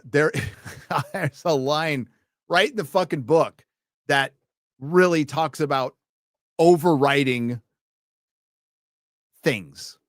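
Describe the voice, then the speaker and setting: A man's voice: medium pitch, dry recording, studio quality. A man hosting a casual late-night livestream, reading out viewer donations and rambling with wry, profane asides.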